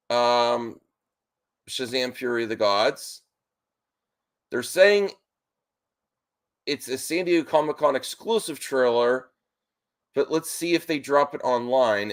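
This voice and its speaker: A man talks to his live stream audience in a restless, excited rush. He is nervous and worked up, and he keeps breaking off mid-sentence to start again. His voice sits at an ordinary middle pitch. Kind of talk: live stream reaction chat.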